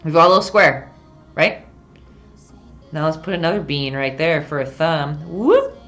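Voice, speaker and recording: Low-voiced chatty woman teaching painting. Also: moderate pace, fairly bright tone, lo-fi sound, soft background music. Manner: chatty, rambling, self-deprecating, giggly. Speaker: painting instructor and streamer. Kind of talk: casual live-stream painting lesson.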